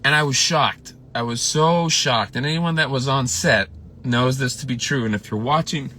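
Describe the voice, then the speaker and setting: A man's voice: mid-range voice, moderate pace, sharp tone, slight background noise. A man telling stories about a late colleague in a casual, rambling way, full of fillers and restarts and emotional at times. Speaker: filmmaker recalling a late colleague. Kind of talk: casual livestream storytelling.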